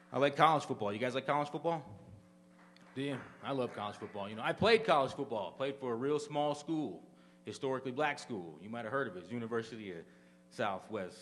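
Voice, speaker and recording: A man's voice: medium pitch, fairly bright tone. A young man doing a live stand-up set, chatting loosely with the audience and throwing questions at them. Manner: loose, conversational crowd work, asks the audience questions. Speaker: stand-up comedian. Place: small live venue with audience.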